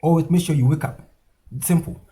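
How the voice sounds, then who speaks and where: Walking through a chart in a screen-share trading lesson, this forex instructor speaks briskly with a slightly high, mellow, steady voice. He repeats key points emphatically, ending lines with "okay?" or "guys."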